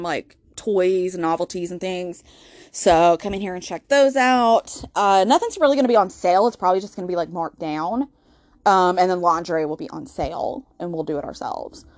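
A woman's voice: on the low side, no echo. A woman hosting a solo podcast, rambling and self-deprecating with lots of ums. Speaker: podcast host. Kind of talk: casual solo podcast chat.

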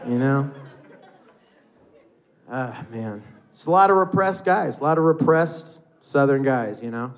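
A man's voice: medium pitch, unhurried, pauses often, some chatter behind. An American man performing a stand-up comedy set on a live club stage, rambling loosely and acting out voices.

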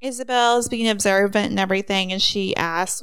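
Co-hosting a podcast, a woman casually recaps a book and reads quotes aloud. Her medium-pitched voice is clear, resonant and fairly bright, with fairly even intonation at a normal speed. The studio-quality recording has no echo.

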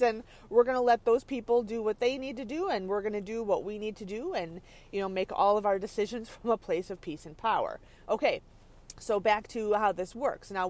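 A woman podcast host giving an energetic, chatty motivational teaching talk from her parked car. She laughs often and keeps checking in with her listeners. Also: a little high. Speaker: podcast host and leadership coach. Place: parked car on a rainy day.

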